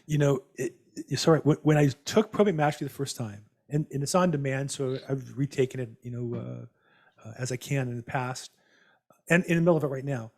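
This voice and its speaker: A man hosting a real estate call, telling animated, rambling stories with many restarts over a video call. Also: medium pitch, fairly quick, gravelly. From United States. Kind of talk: casual storytelling on a video call.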